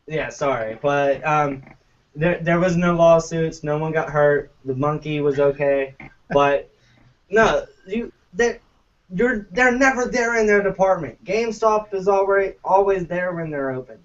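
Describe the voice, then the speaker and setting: This man co-hosts a gaming podcast, ranting casually and with plenty of profanity in a fairly high, unhurried voice. The audio is muffled and lo-fi, as if he sits far from the mic.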